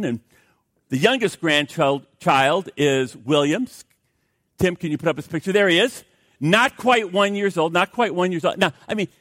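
An older man, a pastor, preaching a sermon with lively storytelling and jokey asides to the congregation. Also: medium pitch, no room sound, clean studio sound.

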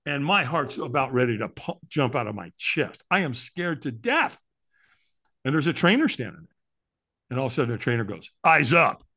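A man being interviewed on a podcast, telling a personal story with emphatic, animated delivery and frequent rhetorical questions. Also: mid-range voice, a little fast. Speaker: podcast guest.

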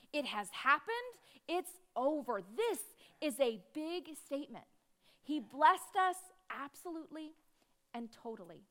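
A woman preaching a sermon in a conversational, emphatic way, with dramatic pauses on key words. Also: sits high, pushed and bright.

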